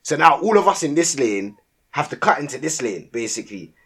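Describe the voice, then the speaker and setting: A young man, telling a story in casual podcast chat and acting out his own shouted lines with lots of slang. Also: on the high side, big pitch swings, brisk, breathy edge. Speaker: podcast co-host.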